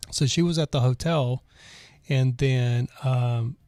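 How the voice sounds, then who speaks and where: A man in his forties hosts a podcast and tells stories in a loose, digressive way, often restarting his sentences. His voice is mellow and relaxed. The sound is dry, with no room echo. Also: medium pitch, slow pace, soft background music. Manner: rambling and digressive, with frequent restarts. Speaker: podcast host. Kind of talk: casual storytelling, reading chat comments.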